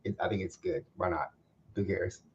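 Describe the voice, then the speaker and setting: Stammering laughing man, low dull voice. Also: fairly even intonation, normal speed, a little mellow. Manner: laughs often, stammers and repeats words. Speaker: co-host. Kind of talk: casual news chat. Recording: dull lo-fi sound.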